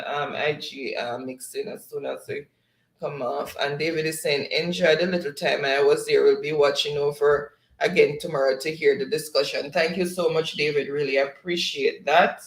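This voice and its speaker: Reading her viewers' chat aloud, a Jamaican livestream host keeps things chatty and laughs a lot. She has a low-pitched voice, captured in reverberant, poor-quality audio.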